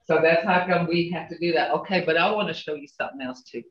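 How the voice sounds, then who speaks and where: A man teaching a language class over a video call, slowly repeating words to show how tone changes meaning. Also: fairly high pitch. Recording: roomy, dull video call audio.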